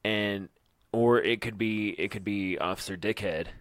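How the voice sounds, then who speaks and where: A man's voice: on the low side, clear, resonant tone, no room sound. A man co-hosting a casual podcast, agreeing a lot and often repeating himself as he talks. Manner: agreeable, halting, repeats his words. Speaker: podcast co-host.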